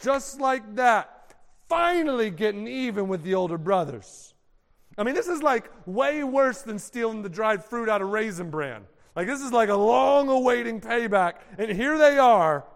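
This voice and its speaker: A man's voice: extremely high pitch, animated, moderate pace, creaky. A man preaching a sermon, retelling a story dramatically with casual slang. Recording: long hall reverb.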